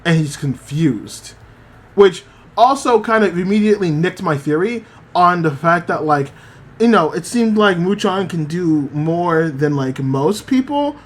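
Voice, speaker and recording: A man's voice: high-pitched, expressive, unhurried. A man hosting a podcast, casually recapping an anime episode, rambling with many fillers. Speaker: podcast host.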